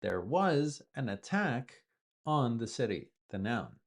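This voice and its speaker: A man's voice: mid-range voice, very animated, slow. A man teaching English, explaining word use patiently with repeated examples as a native speaker. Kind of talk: explaining vocabulary from the news.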